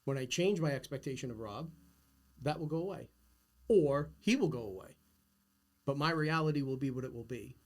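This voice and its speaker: A man's voice: medium pitch, normal speed, long pauses. A middle-aged man hosting a casual podcast conversation, talking earnestly and insistently about big ideas. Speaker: podcast host.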